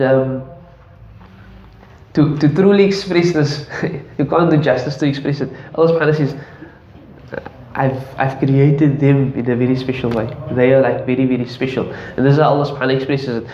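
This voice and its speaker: Guy teaching arabic grammar to a class, slightly high voice, echoey room, faint hiss. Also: warm tone. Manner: explains grammar patiently, quizzes students, chuckles often. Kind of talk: classroom lesson. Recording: echoey classroom, dull lo-fi audio.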